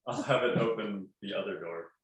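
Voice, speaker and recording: A man's voice: on the low side, a little fast, far from the mic. A man playing a tabletop game in a playful, joking way. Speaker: player. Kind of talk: casual tabletop play. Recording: echoey room.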